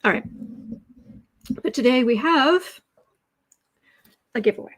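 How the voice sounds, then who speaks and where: An American woman runs a casual tarot livestream from a room in her home, rambling and chatting and occasionally talking to her cat. Her voice sits high and is expressive and unhurried, with frequent pauses, picked up by a fixed mic set off to one side.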